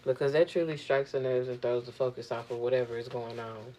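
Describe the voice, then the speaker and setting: A young woman vlogging, venting in a profane, animated, exasperated way. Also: extremely low pitch, fairly quick, slight background noise. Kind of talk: casual venting monologue.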